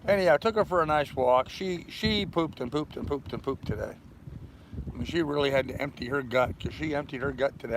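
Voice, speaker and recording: An older man chatting casually on a live stream from his sailboat, rambling along and greeting viewers by name. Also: on the high side. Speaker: vlogger doing a live stream. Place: aboard a sailboat. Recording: loud wind noise on the mic. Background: wind and boat ambience.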